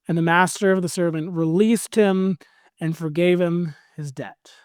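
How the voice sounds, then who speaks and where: Animated, high-voiced preacher man. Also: normal speed, clear, resonant tone, dry recording, clean studio sound. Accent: American. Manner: conversational, animated storytelling. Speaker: pastor. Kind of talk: sermon.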